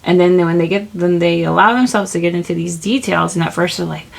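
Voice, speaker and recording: A woman's voice: on the low side, fairly even intonation, fairly quick, gravelly, poor audio. A woman giving a casual tarot reading, rambling and searching for her words, with lots of "like" and "you know.". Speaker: tarot reader.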